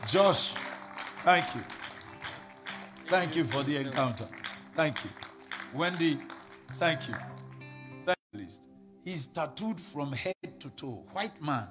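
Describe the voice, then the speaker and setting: A Nigerian pastor with a medium-pitched male voice preaches a sermon. He tells stories and quotes people in put-on voices, building up to laughing shouts.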